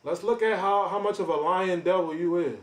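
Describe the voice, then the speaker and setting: A man ranting on a live stream, confrontational and boastful, calling out chat members by name with loud bursts and drawn-out emphasis. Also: sits high. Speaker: livestreamer. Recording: roomy echo.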